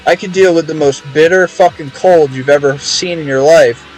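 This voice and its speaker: A man's voice: fairly high pitch, moderate pace, darkish tone, faint music behind, poor audio. A young man streaming a game, chatting casually in a rambling, profane way with many restarts. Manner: rambling, profane, repeats words.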